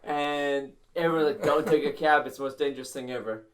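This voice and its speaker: A man's voice: a little high, steady tone, brisk. Drunk, rambling Canadian man. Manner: rambling, swearing, laughing mid-story. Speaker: podcast co-host. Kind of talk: drunken storytelling among friends.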